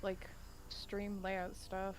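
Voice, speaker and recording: A woman's voice: medium pitch, monotone, extremely slow, faint music behind. A woman chatting over voice chat, blunt and teasing, swearing casually. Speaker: streamer friend on voice chat. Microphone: voice chat over the internet.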